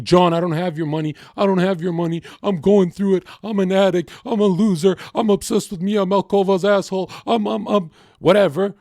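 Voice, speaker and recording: A young man on a livestream rants heatedly, swearing a lot and acting out other people's lines as quotes. His voice is high-pitched and a little mellow, brisk with few pauses.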